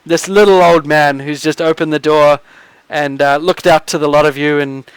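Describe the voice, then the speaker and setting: Male game master, high voice, casual rambling narration, dry sound. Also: steady tone, moderate pace, clear, resonant tone, dry recording, rough recording. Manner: rambling, with frequent restarts and laughs.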